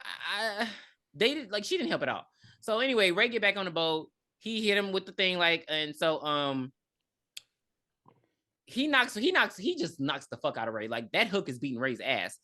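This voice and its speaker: Woman, podcast co-host, casual chat, blunt retelling, crisp bright tone. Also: fairly low pitch, moderate pace. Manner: blunt, animated retelling with frequent cursing. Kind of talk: casual chat recapping a movie.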